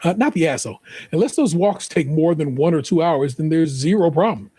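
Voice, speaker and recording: A man's voice: fairly high pitch, animated, brisk, warm tone, breathy edge, no room sound. A man with an American accent reading an online post aloud, then joking through profane commentary and spelling out the typos. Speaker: podcast host.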